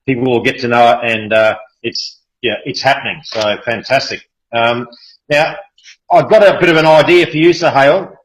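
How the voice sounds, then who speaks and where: A man's voice: mid-range voice, normal speed, slight background noise, low-quality recording. Chatty Australian man hosting a call. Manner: chatty, enthusiastic, many fillers. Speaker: hangout host. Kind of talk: casual online group call. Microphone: video call.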